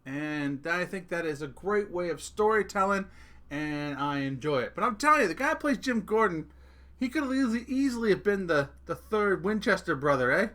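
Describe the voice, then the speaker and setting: Middle-aged male podcast host, higher voice, casual profane ranting. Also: expressive, moderate pace, sharp tone. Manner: profane, joking, talks straight to listeners. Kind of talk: casual rant.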